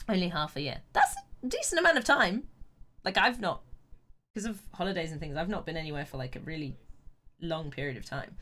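A woman's voice: on the low side, sing-song, normal speed, pauses often, sharp tone. A woman from England, chatting casually and giggling on a game live stream, with a lingering cough. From southern England. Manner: giggly, chatty, talks to her cats and chat.

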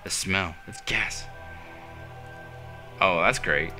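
A man casually commenting on a horror game as he plays, muttering asides and breaking into sudden loud yelps. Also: sits low, drawn-out words, faint music behind. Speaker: let's play commentator.

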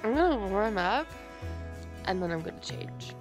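A young woman on a camping trip chatting casually with her friend, teasing and quick to laugh. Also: medium pitch, sing-song. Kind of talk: casual chat. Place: outdoors at a campsite. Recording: music over the audio. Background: background music.

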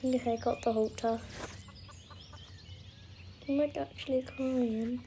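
A woman chatting casually as she vlogs, rambling along and trailing off into soft asides. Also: a little high, fairly even intonation, slow pace, a little hiss or hum. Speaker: vlogger. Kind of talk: casual vlog chat.

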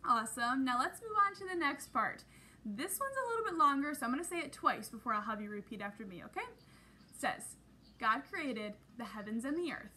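A woman's voice: high-pitched, expressive, fairly quick, pushed and bright, a little hiss or hum. A woman teaching a children's Bible lesson, upbeat and encouraging, leading the kids in call-and-response. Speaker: Sunday school teacher.

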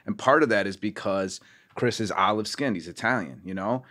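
A man from Chicago with a fairly low voice speaks as a guest on an interview podcast. He talks loosely, breaking off and restarting his sentences as he works through a point. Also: sharp tone. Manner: halting, many restarts. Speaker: guest actor. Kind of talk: casual interview chat.

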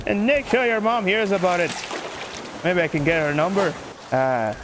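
Man, gamer commentary, jokey put-on Irish lilt, swearing, very animated swings, noisy game sounds behind. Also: high voice, moderate pace. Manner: excitable, swearing, yelling at the game. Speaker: gaming YouTuber. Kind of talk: let's play commentary.

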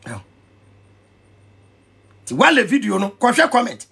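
A Ghanaian man ranting in an animated vlog commentary, excitable and mixing pidgin with Twi. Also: sits high, a little slow, vocal fry, breathy edge. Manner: excitable, switching between pidgin and Twi, shouting and laughing. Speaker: vlogger.

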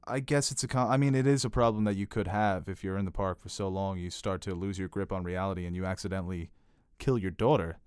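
A man hosting a casual podcast discussion about a TV episode, animated and given to acting out quotes. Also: low voice, quick pace, smooth, no room sound, studio quality. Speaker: podcast host.

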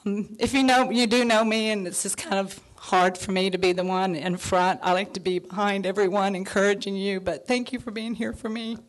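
A woman in her fifties accepts an award, her mid-range voice warm with feeling as she fights back tears. She thanks everyone with soft laughs and plenty of "um"s, sincere and unpolished. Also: medium pitch, fairly even intonation, brisk, few pauses. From Texas. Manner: heartfelt, tearful, with soft laughs and fillers. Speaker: award honoree. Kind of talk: emotional acceptance speech.

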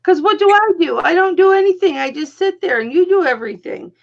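A woman's voice: very high-pitched, animated, fairly quick, creaky. A woman hosting a casual live stream, talking bluntly and teasing her co-hosts. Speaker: host. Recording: dull lo-fi stream audio.

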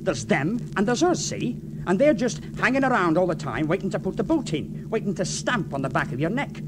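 Scheming union deckhand, conspiratorial and lecturing, lively pitch, noisy old radio play. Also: male voice, a little fast. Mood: persuasive. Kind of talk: 1970s radio drama.

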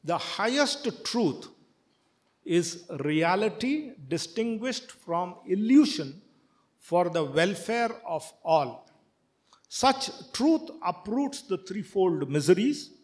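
A man giving a sermon, chanting verses and then explaining them at length, often halting with fillers and restarts. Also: sits high. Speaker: preacher.

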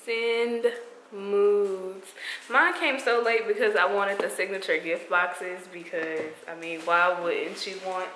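A woman vlogging casually at home, excitedly talking straight to her viewers as she unboxes a delivery. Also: on the low side, a little slow, hardly any pauses, reverberant, slight background noise, low-quality recording. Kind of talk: casual vlog chat.

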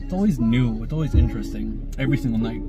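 A man's voice: medium pitch, lively intonation, fast talker. A young man vlogging casually while he drives. He rambles, swears freely and hums to himself. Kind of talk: casual rambling vlog chat. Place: inside a car while driving. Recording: muffled, with loud car music. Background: loud song playing in the car.

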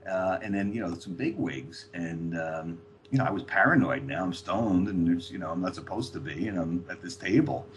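An older man with a fairly low voice tells anecdotes with energy, slipping into the voices of the people he quotes. A faint hum sits under the recording. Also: normal speed, hardly any pauses. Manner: animated anecdote teller, acting out quoted voices. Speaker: author guest. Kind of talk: storytelling anecdotes.

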